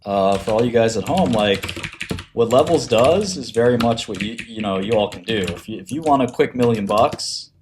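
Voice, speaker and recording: A man's voice: lowish voice, lively intonation, normal speed, noisy background. A man chatting casually on a livestream, blunt and profane, laughing often and acting out what other people said. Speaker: streamer talking about business.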